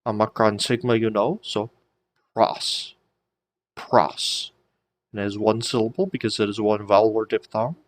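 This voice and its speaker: A man's voice: lowish voice, steady tone, brisk, few pauses. A man teaching a language lesson, patiently spelling out letters and sounding out words as he asks and answers his own questions. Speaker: Greek teacher. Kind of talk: slow spoken lesson.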